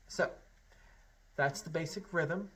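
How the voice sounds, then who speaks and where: A man teaching a harmonica lesson, encouraging and upbeat, talking straight to the learner. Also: a little high. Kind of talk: friendly instructional lesson.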